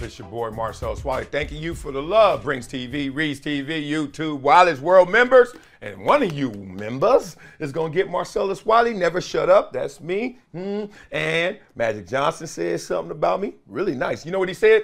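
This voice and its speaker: A middle-aged man hosting an animated sports talk show, playful, with quick asides and impressions. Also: fairly high pitch, creaky. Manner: lively, playful, drops into quick impressions and chants. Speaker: host.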